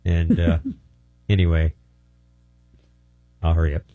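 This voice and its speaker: A man in his fifties or older, a deliverance minister, tells testimony stories in a casual, animated way, jumping into high voices when quoting people and chuckling as he goes. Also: takes it slowly, no room sound, faint music behind. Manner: chuckles while telling stories.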